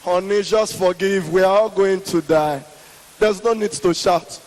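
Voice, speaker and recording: A man voicing an old wife who pleads softly as she confesses. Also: high-pitched, unhurried, voice pushed down. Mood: pleading. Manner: soft, coaxing pleading. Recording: long hall reverb.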